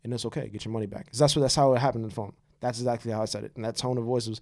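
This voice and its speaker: Fast-talking young man telling a story. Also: medium pitch, steady tone, vocal fry. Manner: fast, straightforward storytelling, acts out quoted dialogue. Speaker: podcast co-host. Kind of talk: casual chat.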